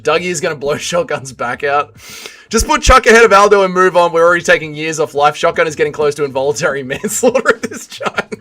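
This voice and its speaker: A man's voice: fairly high pitch, sharp tone. A young man hosting a casual livestream, reading chat aloud, swearing often and swinging between heated rants and mumbled apologies.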